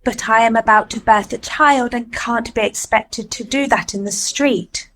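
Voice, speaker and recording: A woman's voice: a little high, moderate pace, fairly bright tone, slight background noise, lightly acted. A woman playing a nervous young woman stiltedly reading lines at a nativity audition in a radio sitcom. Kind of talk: comedy radio sitcom acting.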